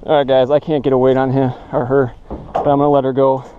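A man doing fishing vlog commentary outdoors from a boat, excitable and repeating his exclamations. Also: mid-range voice, fast, narrow, tinny audio, noisy background. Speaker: fishing vlogger.

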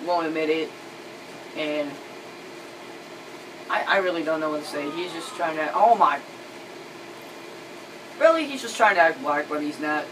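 Low voiced girl doing a gaming vid intro, exasperated and mocking, far from the mic, noisy. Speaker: gaming channel host. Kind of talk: casual video intro and game chat. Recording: distant noisy home recording.

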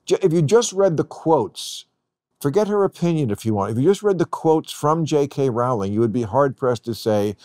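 Blunt, profane middle-aged host. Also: male voice, on the high side, lively intonation, normal speed, dry recording, clean studio sound. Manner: blunt, profane, rising to yelling when worked up. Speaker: podcast host. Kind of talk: casual chat.

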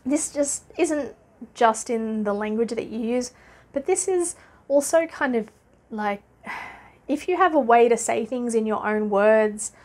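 A woman's voice: a little high, a little slow, darkish tone. A woman from Australia with an Australian accent, talking to camera as a business coach in a chatty, upbeat way, laughing often and filling gaps with "uh". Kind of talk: casual talking-head vlog.

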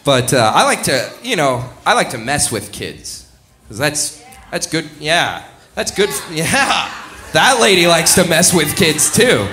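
A man's voice: on the high side, sing-song, measured pace, sharp tone. A young man doing a live stand-up set, rambling and self-deprecating, chuckling at his own jokes into a stage mic. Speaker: stand-up comedian. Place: comedy club stage.

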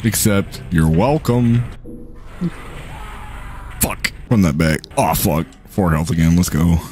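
A young man livestreaming a shooter game, cursing and ranting excitedly at the screen in casual gaming talk. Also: low-pitched, slow. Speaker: streamer playing a shooter game.

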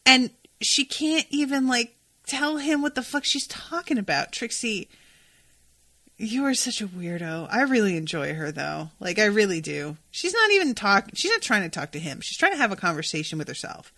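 A woman's voice: mid-range voice, big pitch swings, normal speed, bright, forceful tone. A young adult woman hosting a podcast, recapping a TV episode in a chatty, casual way and swearing freely. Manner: chatty, swears freely, reads quoted dialogue aloud.

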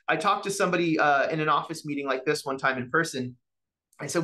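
A man giving an animated mortgage market presentation to real estate agents, often tagging his points with "right?" and acting out client conversations. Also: on the high side, moderate pace, long pauses. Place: office meeting or online session with chat.

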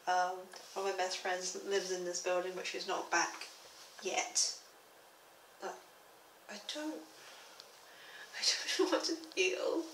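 A woman's voice: mid-range voice, far from the mic. A young woman, talking nervously to camera in a vlog about a new room, rambling and reassuring herself. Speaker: vlogger. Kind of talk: personal vlog diary. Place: newly rented room, indoors. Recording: echoey room from off-mic, background noise.

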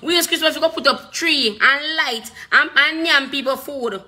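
A woman preacher with a Jamaican accent delivers a sermon with fervent, emphatic force. Her voice sits high and rings bright and forceful. She drives her points home through repetition and drifts freely between patois and standard English. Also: moderate pace. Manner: impassioned, emphatic preaching with repeated phrases.

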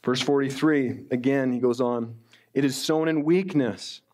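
A middle-aged male pastor preaching a sermon in a conversational way, slowing down when he reads scripture aloud. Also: mid-range voice, a little mellow.

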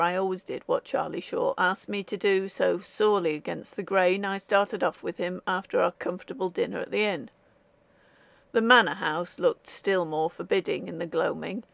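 A woman narrating a ghost story audiobook in a measured, even storytelling manner. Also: on the low side, creaky, dry recording. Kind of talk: scripted narration.

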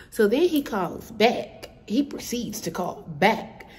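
A woman's voice: medium pitch, sing-song, slow pace, a little mellow. A woman vlogging casually from her job as a concierge, talking straight to her viewers and laughing often. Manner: chatty, addresses viewers as y'all, laughs often. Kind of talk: casual storytelling vlog. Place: indoors at her workplace.

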